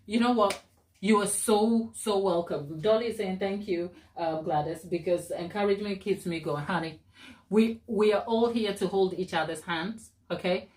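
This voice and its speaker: A woman hosting a baking live stream, chatting warmly and encouragingly with her viewers and laughing often. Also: mid-range voice, normal speed. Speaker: cake baking channel host.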